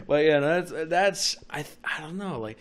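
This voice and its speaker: A young man hosting a casual podcast, telling wild stories with constant swearing. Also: fairly high pitch. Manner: profane, animated storytelling. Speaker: podcast host.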